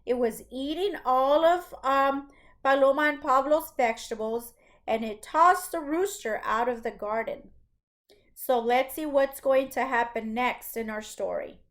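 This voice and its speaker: Lady first grade teacher reading a story to the class, high voice, slow and patient. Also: a bit bright. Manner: patient, explains and repeats for children. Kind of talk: classroom read-aloud lesson.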